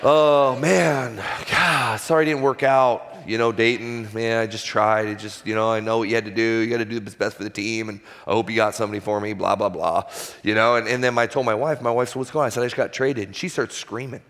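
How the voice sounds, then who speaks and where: A man in his forties, a former baseball pitcher, sharing a candid, self-deprecating personal story as a guest speaker at a church. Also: steady tone, quick pace, fairly bright tone, in a large hall. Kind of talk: personal testimony talk in church. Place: church auditorium stage.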